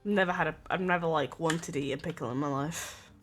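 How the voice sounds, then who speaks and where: A streamer from England talks in a loose, rambling way, with plenty of filler words and little laughs. The voice sits at a middle pitch. Quiet game music plays faintly underneath. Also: brisk. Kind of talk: casual stream chat.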